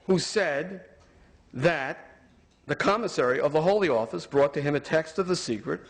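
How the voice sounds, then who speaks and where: A man giving an argumentative talk, sarcastic and emphatic as he builds his points. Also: on the high side. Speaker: speaker.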